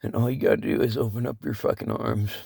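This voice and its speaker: A man vlogging through tears, swearing and rambling, his voice cracking and breaking high as he speaks from the heart. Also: steady tone, fast, gravelly, warm tone, breathy edge, dry recording, studio quality. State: crying. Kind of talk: emotional casual vlog talk.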